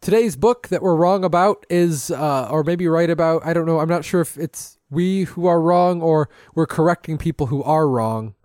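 A man's voice: on the high side, normal speed, hardly any pauses, darkish tone, no room sound, clean studio sound. A man co-hosting a comedy podcast, playful and goofy, spinning silly stories. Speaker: podcast co-host.

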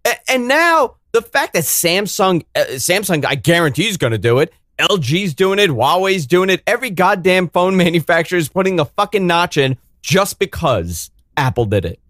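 A man's voice: high-pitched, normal speed, hardly any pauses, no room sound, studio quality. A man with a New York accent ranting and swearing in a casual podcast chat. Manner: profane, ranting, animated. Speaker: podcast co-host.

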